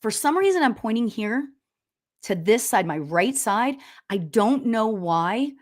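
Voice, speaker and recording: A middle-aged woman hosting a live stream as a spiritual medium, chatting casually and telling stories loudly with lots of laughs and "you know?". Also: fairly high pitch, measured pace. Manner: loud, animated storyteller with frequent laughs and "you know?". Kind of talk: casual livestream chat reading viewer comments.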